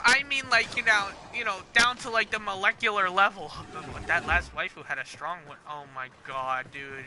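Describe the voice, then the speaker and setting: A man's voice: high-pitched, moderate pace, few pauses, slight background noise. A teenage boy giving live gameplay commentary, rambling and making crude jokes with frequent giggles. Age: teens. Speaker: gaming streamer. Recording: loud game music behind voice.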